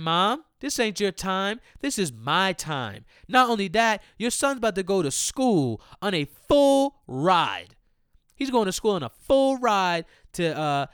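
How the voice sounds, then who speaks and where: A man's voice: high voice, very animated, measured pace, a bit bright, clean tone, no echo, clean studio sound. A man hosting his own podcast, ranting in a profane, heated and repetitive way and talking straight to his listeners. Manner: talks directly to listeners. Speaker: podcast host. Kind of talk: casual solo podcast rant.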